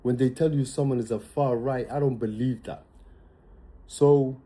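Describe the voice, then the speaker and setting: Dark, husky man in a ranting monologue. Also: medium pitch, fairly even intonation, normal speed. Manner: emphatic, repetitive, ranting. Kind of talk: opinionated monologue.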